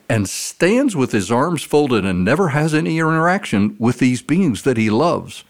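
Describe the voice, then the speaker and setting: A man as a podcast guest, explaining ideas and telling a story in an earnest, animated way. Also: medium pitch. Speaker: guest speaker. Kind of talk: casual storytelling in an interview.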